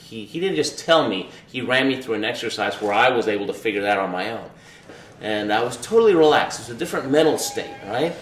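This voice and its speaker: A man's voice: mid-range voice, animated, fairly quick, fairly bright tone, distant mic, a little hiss or hum. Man in his thirties, Olympic athlete, casual rambling story, faint background ambience, roomy sound. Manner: loose and conversational, with repeated words and fillers.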